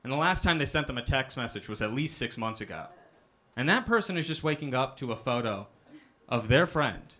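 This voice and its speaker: Bright, forceful, and animated, a young man's medium-pitched voice moves fairly quickly through a self-deprecating stand-up set. He's on a comedy club stage with a live audience and often tags his punchlines with "right?"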